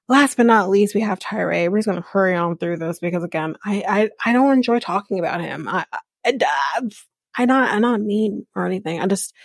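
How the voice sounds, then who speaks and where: Husky lady podcaster dishing on a reality show, laughs a lot, does little voices, dry close mic. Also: medium pitch, no echo. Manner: gossipy, laughing, mimics the people she recaps. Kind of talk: casual chat.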